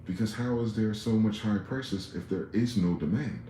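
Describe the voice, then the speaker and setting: A man's voice: fairly low pitch, normal speed, mellow, slight background noise. A man giving a heated, profane, sarcastic rant about politics and money as a commentary vlogger. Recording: roomy echo.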